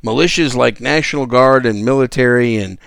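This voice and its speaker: Enthusiastic podcast host, crisp voice. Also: male voice, mid-range voice, brisk, fairly bright tone, dry recording, clean studio sound. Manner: enthusiastic, conversational, with restarts. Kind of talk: solo podcast monologue.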